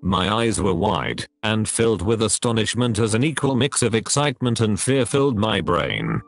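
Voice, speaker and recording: A text-to-speech male voice narrating a horror story in a flat, even delivery. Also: lowish voice, normal speed, creaky, soft background music.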